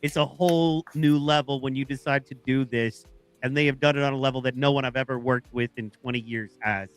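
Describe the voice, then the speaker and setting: A man hosting a live podcast, cheering on his guests and moving the show along quickly. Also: medium pitch, steady tone, clean tone. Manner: hyped, cheering, fast-moving. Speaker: podcast host.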